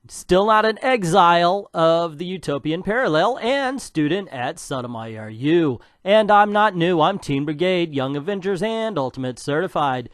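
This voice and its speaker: A man's voice: sits high, dry recording, studio quality. A man mockingly voicing a tough, weary young female superhero in a campy put-on voice with a drawl. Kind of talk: mocking comic read-aloud.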